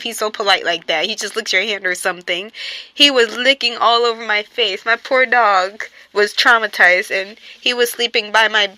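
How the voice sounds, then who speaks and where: A woman's voice: fairly high pitch, bright, forceful tone, no room sound. A young woman telling a personal story in casual storytime chat, rambling and full of fillers. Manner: rambling, filler-heavy, with frequent "like" and "I'm here like".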